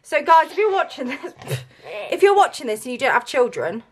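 A woman's voice: high-pitched, sing-song, fairly quick. A woman vlogging as a mother, chatting casually, swearing freely and laughing often. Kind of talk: casual vlog chat.

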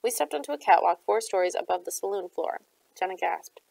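A woman narrating a novel aloud in a steady, even storytelling read. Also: fairly low pitch, brisk, creaky, no echo, low-quality recording. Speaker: audiobook reader. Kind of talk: audiobook narration.

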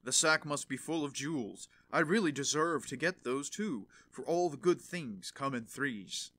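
A man's voice: fairly high pitch, a little slow, a bit bright, no echo. A man voicing a greedy scheming innkeeper in a fairy tale reading. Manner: scheming, pleading.

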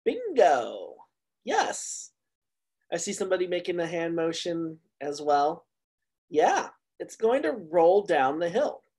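Lively, playful male lecturer. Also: high voice, takes it slowly, breathy edge. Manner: lively, playful explainer who asks the class questions. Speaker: university meteorology instructor. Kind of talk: online class lecture.

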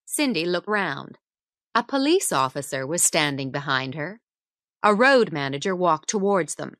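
A woman reading a graded story aloud for English learners, slowly and carefully, with the dialogue acted out. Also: low voice, big pitch swings, fairly bright tone, dry recording. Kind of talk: scripted narration for English learners.

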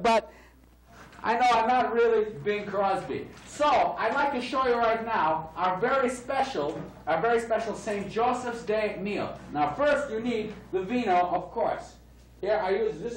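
A man plays a hammy TV chef in a spoof cooking segment, putting on a fake Italian accent and chatting boastfully while laughing at his own jokes. His voice is high, with slight background noise.

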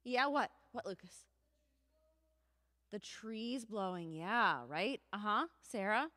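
A woman leading a children's sermon in a church, telling a story and asking the children questions in an animated way. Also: medium pitch, slow. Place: church sanctuary. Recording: long church reverb.

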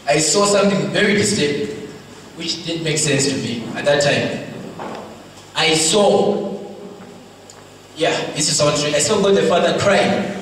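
A male preacher giving a fervent sermon, moving from shouted rebukes to hushed storytelling. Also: fairly high pitch, slight background noise. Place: large hall. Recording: echoey hall, mic far off, faint ambience.

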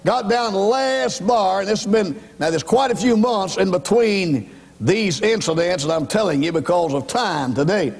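The preacher's voice sits high, husky with vocal fry, lively in intonation and moderate in pace, echoing with a long reverb tail. He tells his evangelist testimony dramatically, acting out voices and speaking emphatically straight to the congregation.

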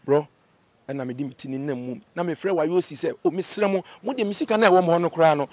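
A Ghanaian man, an interview guest, telling a grievance story with energy and acting out what others said in lively voices. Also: on the high side, fast, no room sound. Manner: animated, acts out quoted dialogue. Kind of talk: emotional storytelling. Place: outdoor location away from the studio.

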